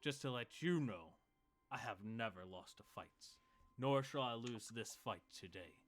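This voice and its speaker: A man voicing a boastful, bragging male half-orc duelist who laughs loudly at his own prowess. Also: mid-range voice, animated, a little slow, lightly acted.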